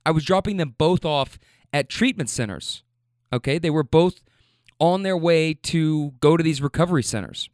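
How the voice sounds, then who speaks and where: A man's voice: fairly high pitch, normal speed, no echo, clean studio sound. A man hosting a podcast, telling stories from his rides in a casual, profane, emphatic way that turns openly emotional. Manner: profane, emphatic, repeats himself; emotional, gets choked up. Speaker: podcast host and rideshare driver. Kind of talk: casual storytelling monologue.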